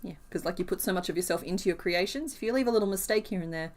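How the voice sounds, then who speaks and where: A woman's voice: lowish voice, very fast, a little mellow. Chatty woman crocheting on a live stream. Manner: chatty, thinks aloud, laughs often. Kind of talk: casual live-stream chat while crocheting.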